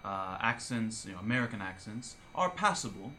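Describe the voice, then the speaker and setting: A man co-hosting a radio chat, opinionated and blunt, halting at times. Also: on the low side, very animated, sharp tone, slight background noise. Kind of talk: casual radio banter.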